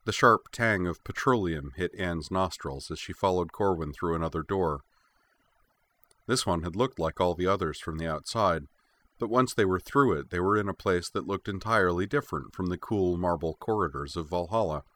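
A man narrating a fantasy audiobook in a measured, even storytelling voice. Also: low-pitched. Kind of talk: scripted narration.

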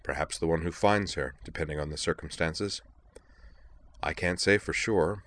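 A man voicing a cool, authoritative young chairman who speaks in a measured, flat way, in a story reading. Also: very deep voice. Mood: cold. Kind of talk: audiobook reading of fan fiction.

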